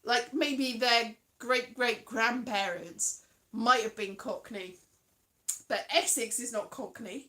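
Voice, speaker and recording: A woman's voice: a little high, slow, sharp tone. A woman hosting a casual live chat, rambling and giggling, now and then slipping into silly put-on voices. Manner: chatty and giggly, rambling with frequent laughs; slips into silly put-on voices and sung bits. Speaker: host of a live weekly stream.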